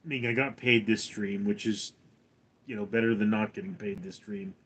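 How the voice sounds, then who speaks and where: A man hosting a live stream, giving dry, deadpan answers to chat messages. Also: lowish voice, normal speed, breathy edge. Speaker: livestream host reading chat.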